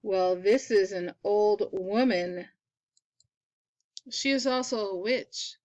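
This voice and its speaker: A woman reading a children's picture book aloud, delivering it with playful questions. She reads at a very slow, unhurried pace. The sound is dry and close, with no room echo. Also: medium pitch, darkish tone, lo-fi sound. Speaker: reader.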